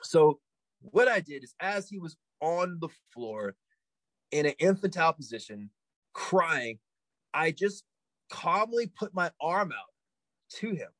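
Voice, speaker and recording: A man, a podcast guest, telling a story in casual chat, animated, repeating himself with many fillers and restarts. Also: a little high, slow pace, pauses often, no room sound, rough recording.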